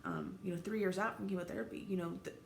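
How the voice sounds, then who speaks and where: Woman, 30s, vlogger, gravelly, raw, halting, roomy room echo with faint background noise. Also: mid-range voice, fairly even intonation. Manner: halting, candid, swears freely, emotionally raw. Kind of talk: personal vlog monologue.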